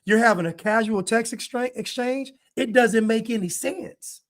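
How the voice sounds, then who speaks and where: A man's voice: extremely high pitch, normal speed. A man giving video commentary, hammering points with repeated rhetorical questions. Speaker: online commentator.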